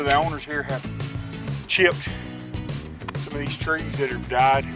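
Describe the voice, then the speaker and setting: A man's voice: fairly high pitch, steady tone, moderate pace, long pauses, loud music behind the voice, rough recording. A man casually explaining outdoor homestead work in an easygoing, plainspoken way, with frequent restarts. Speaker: homesteader showing his work.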